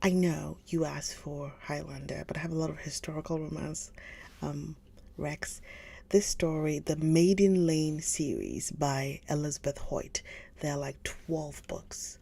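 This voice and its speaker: A woman hosting a live book stream, chatting casually with viewers, gushing and often slipping into a soft whisper. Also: deep voice, unhurried, creaky, breathy edge. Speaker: livestream book reader host.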